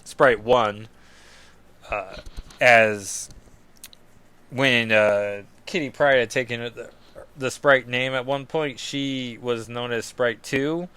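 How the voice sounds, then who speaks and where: A man's voice: mid-range voice, fairly even intonation, slow pace, long pauses, pushed and bright, clear, resonant tone. Rambling man recapping comics. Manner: rambling, filler-heavy, self-deprecating. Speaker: comic book podcast host.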